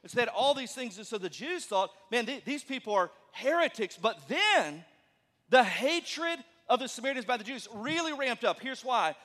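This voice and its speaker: A male pastor with a notably high voice preaches with animated energy, sometimes acting out the people he quotes. His voice rings with a long reverb through a church hall. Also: normal speed. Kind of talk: sermon.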